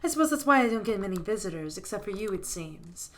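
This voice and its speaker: A woman's voice: mid-range voice, big pitch swings, fast talker. Woman voicing a lonely, doting forest witch. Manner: soft, gentle and doting. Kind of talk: reading a game character aloud.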